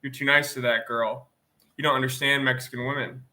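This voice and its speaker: A man reading a swaggering young man who lectures in a smug, coarse way. The reader's voice stays bright and a little stuffy from sniffling. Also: mid-range voice, little pitch movement, brisk. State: sniffling from allergies. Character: crude, swaggering young man giving advice by letter.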